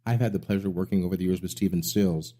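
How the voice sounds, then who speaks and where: A man's voice: low-pitched, steady tone, very fast, warm tone. A middle-aged man hosting a music radio show, telling rambling stories with enthusiasm. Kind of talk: casual interview chat.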